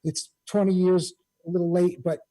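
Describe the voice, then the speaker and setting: High, mellow-voiced man telling rock stories. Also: level tone, normal speed, low-quality recording. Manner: rambling, full of "you know" fillers. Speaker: guest musician. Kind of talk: casual anecdote telling.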